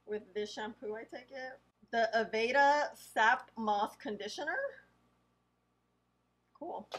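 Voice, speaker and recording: A woman beauty vlogger talking casually, reading product names aloud slowly and adding chatty asides. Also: on the high side, fairly bright tone, low-quality recording. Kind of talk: casual haul unboxing.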